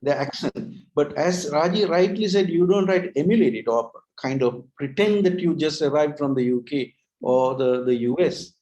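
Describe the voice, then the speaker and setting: Man, fairly high voice, relaxed explainer on language learning, chatty with many restarts. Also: moderate pace, lo-fi sound. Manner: chatty, restarts often, rhetorical tag questions. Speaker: webinar co-host, English trainer. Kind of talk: casual educational talk.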